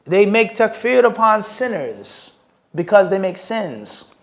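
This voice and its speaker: A man with a high voice, giving a live religious lesson and answering questions. He quizzes his listeners with rhetorical questions and drops Arabic phrases into his English. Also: sing-song, slow. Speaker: Islamic teacher. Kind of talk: live Q&A lecture.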